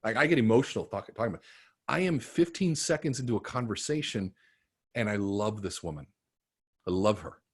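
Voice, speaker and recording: Animated male sales coach on a call. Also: lowish voice, fairly quick, slightly rough. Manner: animated storytelling, swinging from loud bursts to quiet emotion. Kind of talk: live sales training session.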